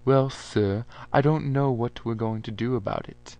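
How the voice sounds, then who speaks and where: A formal army captain, read by a man narrating a story, reporting slowly and carefully to an officer. He is polite and correct, and his voice stays close to the reader's own. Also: mid-range voice, darkish tone, dull audio, close to an everyday voice. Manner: slow and formal.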